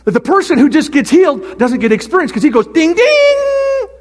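A pastor preaching with big swings between loud exclamations and near-whispers. His voice sits high and a little breathy. It rings out through a large reverberant hall. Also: animated, fast. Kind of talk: sermon.

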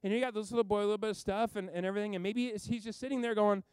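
A man delivers a sermon in a smooth, resonant voice that sits a little high for a man. He rambles through the story, jumping into the people's voices and back out again. The sound is close and dry. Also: rapid-fire, dry recording. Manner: animated storytelling, acts out characters, rambling asides. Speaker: pastor.

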